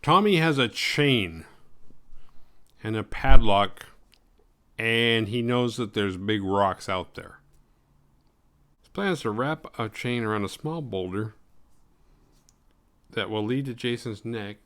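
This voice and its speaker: A man's voice: on the low side, animated, takes it slowly, pauses often, fairly bright tone. A man hosting a horror movie podcast, retelling the plot in a rambling, jokey way with crude humor. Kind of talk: casual film recap.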